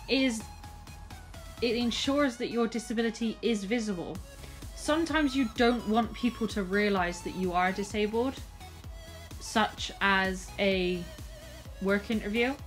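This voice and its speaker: A woman's voice: mid-range voice, rough recording. Frank woman vlogging. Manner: frank and exasperated, with frequent restarts. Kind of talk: casual talk to camera.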